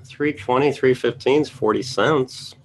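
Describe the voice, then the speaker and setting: A trading educator reviews charts in casual live market commentary, thinking aloud as he scans them and making chatty asides to viewers. His voice is medium in pitch with vocal fry, and he speaks at a measured pace.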